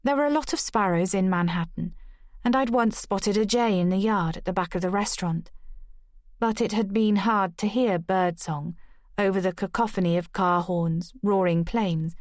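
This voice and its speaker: A woman narrating a first-person audiobook in a measured, even storytelling delivery. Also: medium pitch, dry recording, clean studio sound.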